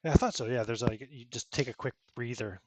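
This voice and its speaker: A man's voice: medium pitch, fairly quick, dry recording. A man running a tabletop role-playing game, narrating in a casual, laid-back way and laughing often. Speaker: game master.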